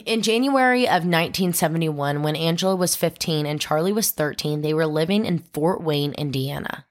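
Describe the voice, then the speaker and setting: Low-voiced woman telling true crime. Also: moderate pace. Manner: dramatic storyteller, acts out quoted voices. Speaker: podcast host.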